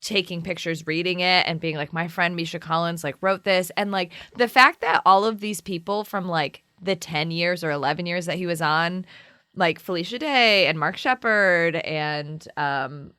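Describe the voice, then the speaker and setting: Lower-voiced young woman, dry sound. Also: moderate pace, smooth, no room sound. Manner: animated, swears freely, frequent "like". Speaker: podcast co-host. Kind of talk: casual book chat.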